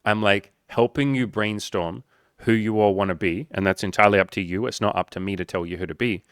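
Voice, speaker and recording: A man's voice: fairly low pitch, steady tone, brisk, clean tone, no echo, clean studio sound. A young adult man, a dating coach, talking casually to camera, full of fillers and mild swearing, acting out little dialogues. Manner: casual, profane, lots of likes and filler; acts out quoted dialogue with voice shifts. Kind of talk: casual video talk.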